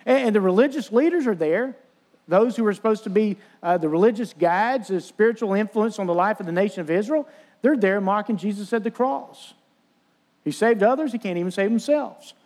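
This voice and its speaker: Earnest male preacher, higher voice, retells scripture and voices the mockers. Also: fairly quick, a little mellow. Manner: earnest preaching, quoting scripture, acting out taunts. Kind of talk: sermon.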